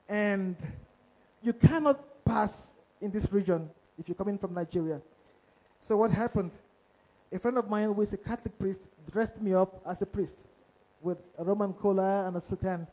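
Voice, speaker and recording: High-pitched, mellow-toned male storyteller. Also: rough recording. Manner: dramatic, asks the audience questions directly. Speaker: investigative journalist. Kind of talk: storytelling talk on stage. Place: live event stage before an audience.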